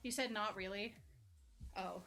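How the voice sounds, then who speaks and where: A woman's voice: mid-range voice, a little slow, a bit bright, soft background music. A young woman streaming from home on a corded mic, chatting with her viewers and yelping now and then as she juggles and works up a sweat. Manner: chatty, reads chat aloud, bursts into yelps while juggling. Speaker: live streamer. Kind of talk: casual live-stream chat.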